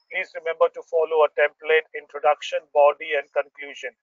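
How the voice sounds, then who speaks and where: A man's voice: a little high, no room sound, lo-fi sound. Man coaching. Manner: steady, instructive, repeats key points. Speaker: exam coach. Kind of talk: instructional audio lesson.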